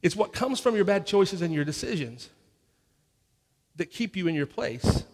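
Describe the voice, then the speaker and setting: A man's voice: high voice, big pitch swings, moderate pace, in a large hall. A man pastor preaching a sermon in a conversational way, often restarting and acting out people's inner voices.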